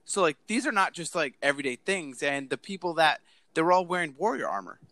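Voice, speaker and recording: A man hosting a casual movie discussion, retelling scenes in a lively way. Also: on the high side, a little fast, no echo.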